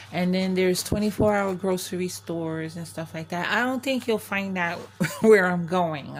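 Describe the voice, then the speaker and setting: A woman's voice: on the low side, slight background noise. An older woman from New York, a crafting vlogger chatting candidly to camera, rambling and often restarting her sentences. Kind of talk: casual chat to camera.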